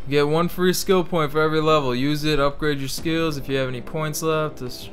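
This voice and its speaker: A man's voice: on the high side, steady tone, brisk, few pauses, soft background music. A young man rambling through casual gameplay commentary, reading game text aloud mockingly, swearing freely, and talking in a joking put-on Italian-ish accent. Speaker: gaming channel host.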